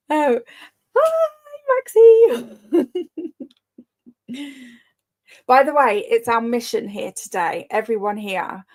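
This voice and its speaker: A woman's voice: on the high side, takes it slowly, pauses often. A woman hosting a live reading sprint, chatting casually and greeting commenters by name, often laughing. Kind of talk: casual live-stream chat.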